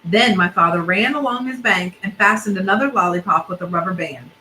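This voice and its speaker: A woman reading a storybook aloud in a steady, expressive way, pausing for asides about the pictures. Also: mid-range voice, slight background noise, rough recording.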